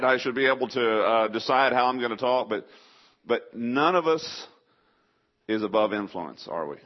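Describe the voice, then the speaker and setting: Preaching to his congregation, this southeast Texas man speaks at a normal pace with a mid-range voice and lively intonation. His faint East Texas Southern accent suits his folksy, chatty manner as he asks them questions, all captured on a dull lo-fi recording.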